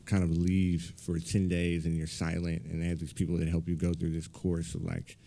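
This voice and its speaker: A man's voice: low-pitched, completely flat delivery, moderate pace, vocal fry, mellow. A man interviewing a guest casually, hesitant and full of filler words.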